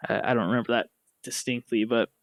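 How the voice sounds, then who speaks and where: An American man casually telling a story to his siblings on a podcast, lively and laughing as he acts out quotes. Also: medium pitch, fast, dry recording, studio quality. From United States.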